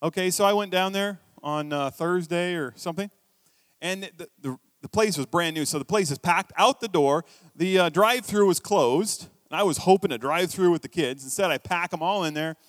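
Storytelling pastor with a dry close sound. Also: male voice, high voice, normal speed, no echo. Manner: conversational storytelling preacher, swings between quiet asides and emphatic bursts. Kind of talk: sermon.

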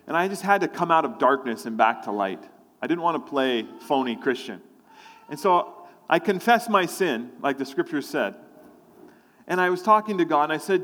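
A male preacher delivers a sermon through personal storytelling. His voice sits a touch higher than most men's, and a long reverb trails behind it. He slips into the voices of his own thoughts and prayers as he speaks. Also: lively intonation, a little fast, fairly bright tone.

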